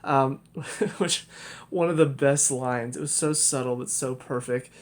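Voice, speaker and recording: Young guy rambling thru a tv review, lots of um and like, mid pitch. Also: fairly even intonation, a little slow. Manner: conversational, rambling with many fillers and restarts. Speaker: TV show reviewer. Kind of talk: casual spoken review.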